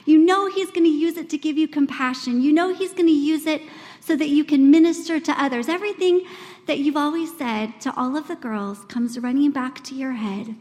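At a women's church gathering, a woman in her forties with a darkish tone preaches a sermon in an earnest, conversational style. She acts out quoted voices with big pitch swings, and a long hall reverb surrounds her.

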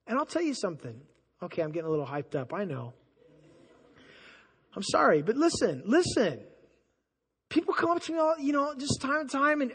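A man preaching a sermon as pastor, conversational and animated, acting out the people he quotes. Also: very high voice, brisk, husky. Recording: long hall reverb.

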